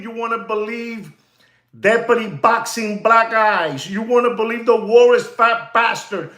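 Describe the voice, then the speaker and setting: A man's voice: very high voice, pushed and bright, roomy sound. A man who deals in watches, speaking in an emphatic, repetitive vlog rant full of heckling. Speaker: watch dealer.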